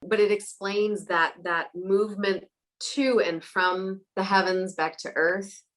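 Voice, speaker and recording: A woman guest, a psychic medium, telling stories in a casual interview, animated and laughing often, acting out the voices of the people in her tales. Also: mid-range voice, takes it slowly, rough recording.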